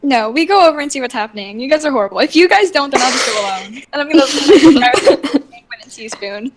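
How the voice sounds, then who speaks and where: A woman's voice: high-pitched, animated, brisk, heavy background noise. A woman playing a tabletop game, casual and playful. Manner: laughing, playful. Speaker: player.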